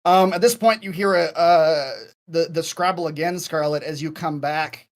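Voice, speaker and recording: A man running a tabletop role-playing game as game master, talking haltingly with lots of fillers. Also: on the high side, fairly even intonation.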